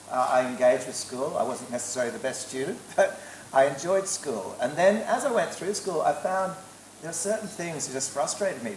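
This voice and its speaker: A middle-aged Australian man, an educator, telling stories from his past as a guest in an interview, lively and anecdotal with frequent self-corrections. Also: mid-range voice, a little hiss or hum. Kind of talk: storytelling in an interview.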